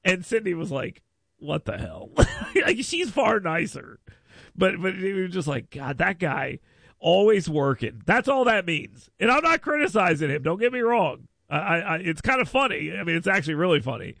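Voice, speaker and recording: Chatty gravelly-voiced radio host man. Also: high-pitched, very animated, moderate pace, a bit bright, dry recording, clean studio sound. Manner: rambling storytelling with mocking put-on voices. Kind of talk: casual radio chat.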